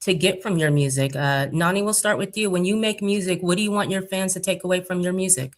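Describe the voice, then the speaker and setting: An interview host woman with a lowish voice, chatting casually. She keeps things moving with steady affirmations and praise for her guests. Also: fast. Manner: warm, encouraging, with frequent affirmations.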